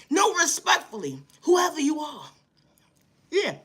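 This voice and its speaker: Animated New York woman ranting. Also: high voice, unhurried. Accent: New York City. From New York City. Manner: animated, repeats catchphrases, slangy and exasperated. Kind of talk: comedic storytelling rant.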